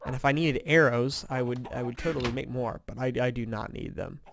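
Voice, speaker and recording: Medium in pitch and brisk, with vocal fry and a bit of background noise, a man from Indiana, USA, chats casually over his game as a commentator. He's tired and yawning from lack of sleep, wandering off topic and mocking himself.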